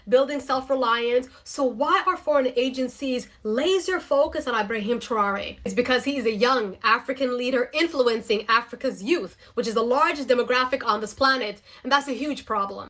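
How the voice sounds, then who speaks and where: Fast-talking woman narrating commentary. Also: high voice, fairly bright tone. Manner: brisk and rhetorical, asking pointed questions.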